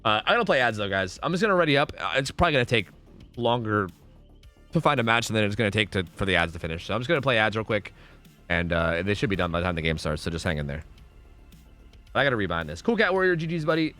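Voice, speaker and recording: Lively young male game streamer. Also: fairly low pitch, quick pace, soft background music. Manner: rambling, swears a lot, swings between groans and excited outbursts. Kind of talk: live gameplay commentary.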